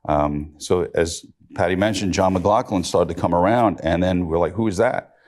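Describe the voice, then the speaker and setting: Very deep-voiced middle-aged man. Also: moderate pace, darkish tone. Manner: matter-of-fact storytelling with dry humor. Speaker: rescue police officer, panelist. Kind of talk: recounting a rescue on a panel.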